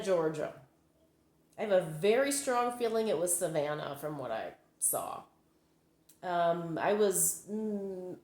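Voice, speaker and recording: Recording on her handheld phone in an echoey room, a psychic medium vlogger with a medium-pitched voice drifts through personal stories. Her telling is full of fillers and self-corrections.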